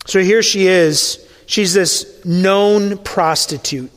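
A man preaching a sermon, retelling a scene as a story and dropping to a hushed voice at the emotional moments. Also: high voice, slow pace, few pauses, big-room sound.

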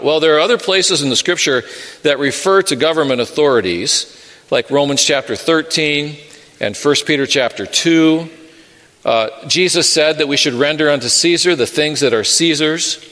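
Middle-aged pastor, earnest sermon delivery, forceful bright tone, slightly high voice. Long hall reverb. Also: male voice. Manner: earnest, storytelling, measured pauses.

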